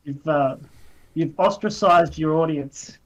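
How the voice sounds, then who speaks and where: A man's voice: fairly high pitch, slow, rough recording. A young Australian man co-hosting a podcast in casual chat, joking and teasing. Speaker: podcast co-host.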